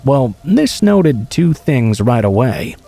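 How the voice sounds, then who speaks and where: A man reading true scary stories aloud in a calm, steady first-person narration. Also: mid-range voice, slow, creaky, faint music behind. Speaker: horror story narrator.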